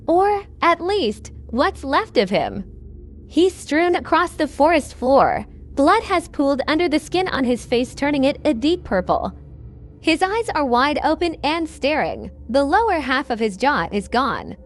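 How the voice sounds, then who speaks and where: A woman reading a horror story in a slow, measured scripted narration. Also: high-pitched, big pitch swings.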